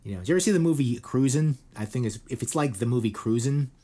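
A man's voice: mid-range voice, quick pace, dark tone. A middle-aged man hosting a casual news chat show. He rambles irreverently, swears and fills his talk with "like" and "you know". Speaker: podcast host.

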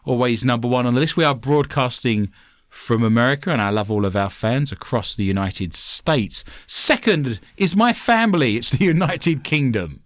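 A man with an English accent hosting a podcast, chatting in a joking, animated way. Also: medium pitch, normal speed, dry recording, studio quality. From England. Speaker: podcast host. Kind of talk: casual podcast chat.

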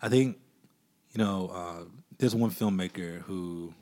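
A man with a very deep voice chats as a podcast guest. He rambles easily, full of "like" and "um." His tone stays casual and unhurried. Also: a little mellow. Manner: laid-back, rambling with many fillers. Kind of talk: casual interview chat.

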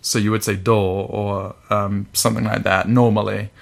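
A man's voice: lowish voice, flat delivery, moderate pace, vocal fry. A man co-hosting a casual podcast, rambling and joking as he acts out bits of dialogue. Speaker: podcast co-host. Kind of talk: casual comic chat about manga.

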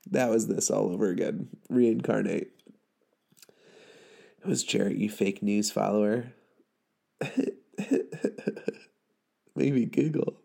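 A man in his thirties, sick with covid, delivers a rambling, profane, sarcastic recap monologue for a fantasy league podcast. His voice is lowish, slow and warm, with vocal fry and long pauses. He rants, swears, and laughs at his own jokes.

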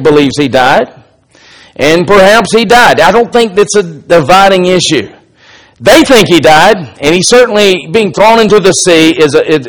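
Man preaching a conversational Bible study. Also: fairly high pitch. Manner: conversational teaching with frequent restarts, swells in volume for emphasis. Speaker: pastor and Bible teacher. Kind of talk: sermon-style Bible study.

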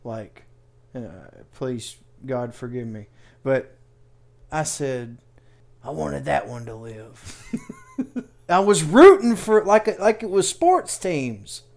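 A man's voice: on the high side, very animated, slow pace, creaky, long pauses, a little mellow. A man co-hosting a podcast in casual chat, rambling and self-deprecating as he talks. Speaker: podcast co-host.

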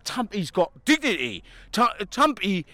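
Man putting on a shifty Cockney dealer, breathless, boastful, rambling, lively swoops in pitch. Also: a little slow, no room sound, full character voice. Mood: cocky. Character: shifty male street dealer, evasive and cocky. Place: outdoors on a hill.

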